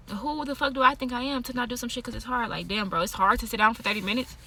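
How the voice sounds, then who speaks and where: Blunt, bright-voiced woman vlogger. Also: fairly high pitch, fast, hardly any pauses, slight background noise. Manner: blunt, profane, laughs often. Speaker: tarot card reader and yoga teacher. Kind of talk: casual monologue to camera.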